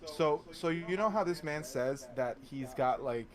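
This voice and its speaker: A man's voice: fairly high pitch, measured pace. A man co-hosting a live stream, chatting casually, repeating words as he starts and trash-talking brashly. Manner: stammering restarts, brash trash talk. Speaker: stream co-host.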